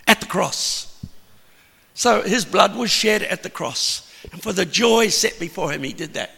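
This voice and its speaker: A man preaching a sermon, telling a Bible story with animated, emphatic peaks. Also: sits high, moderate pace, gravelly, slightly rough. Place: church hall. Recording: long hall reverb.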